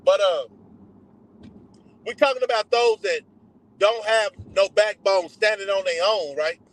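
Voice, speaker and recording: A man's voice: sits high, unhurried, fairly bright tone, low-quality recording. A Texan man livestreaming from his car at a donut shop drive-thru, talking loosely and slangily as he drifts between topics. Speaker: livestream host. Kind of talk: casual rambling livestream chat.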